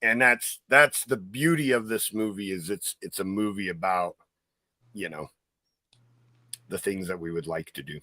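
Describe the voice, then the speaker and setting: A man's voice: low-pitched, moderate pace, pauses often, sharp tone, dry recording. A man hosting a podcast, telling a rambling story in casual chat, full of fillers. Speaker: podcast host.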